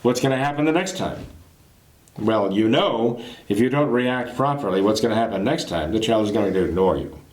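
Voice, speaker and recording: A man's voice: lowish voice, animated, moderate pace, darkish tone. A man teaching a catechism lesson in a conversational way, explaining points through homely everyday examples. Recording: roomy echo.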